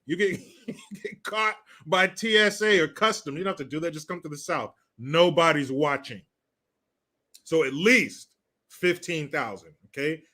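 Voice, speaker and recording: A man's voice: on the high side, bright, forceful tone. A man hosting a live stream, ranting through political commentary in a crude, sarcastic way and swearing freely. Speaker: livestream host.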